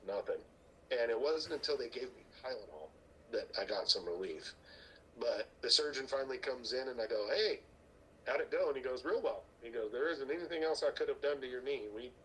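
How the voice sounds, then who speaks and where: Strongman guy telling stories on a podcast, does all the voices, cusses a lot, average pitch. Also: slight background noise, poor audio. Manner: animated storyteller who acts out other people's lines; swears casually, laughs at his own stories. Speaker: podcast guest, strongman athlete. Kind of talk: casual storytelling chat.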